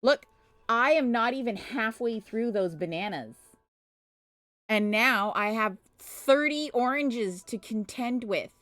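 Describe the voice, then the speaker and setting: A woman's voice: on the high side, expressive, takes it slowly, a bit bright, no room sound. A woman at home, chatting on a live stream with exasperated, playful storytelling and teasing. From Canada. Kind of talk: casual live-stream chat.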